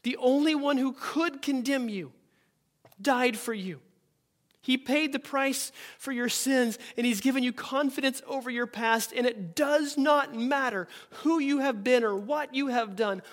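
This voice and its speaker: High-voiced earnest preaching man. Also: unhurried. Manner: earnest preaching with scripture reading and storytelling. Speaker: pastor. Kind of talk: sermon.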